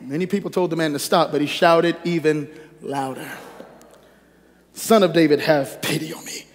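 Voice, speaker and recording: Male pastor, high bright voice, preaching to a congregation, reverb-heavy hall. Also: moderate pace. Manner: lively call-and-response, teasing the congregation. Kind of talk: sermon with scripture reading.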